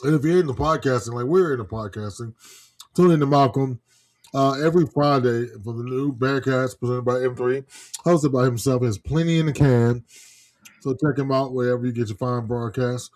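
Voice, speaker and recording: A brash, joking man co-hosting a live talk show. He reads out plugs for the network's shows and swears freely along the way, at a middle pitch. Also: fairly even intonation, normal speed, a little mellow. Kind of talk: casual chat and show promos.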